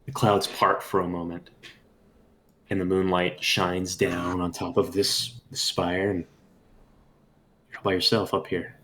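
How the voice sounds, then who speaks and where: A man narrating a tabletop game as game master, calm and descriptive. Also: sits low, a little slow, long pauses, slight background noise.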